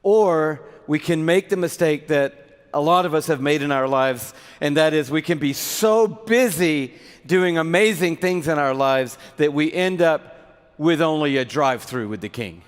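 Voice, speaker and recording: A middle-aged man preaches with an animated delivery and slips into little acted scenes. His voice sits fairly high. The sound carries a long reverb from a large hall. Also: unhurried, smooth. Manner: animated, acts out little skits with props. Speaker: pastor. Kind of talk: sermon.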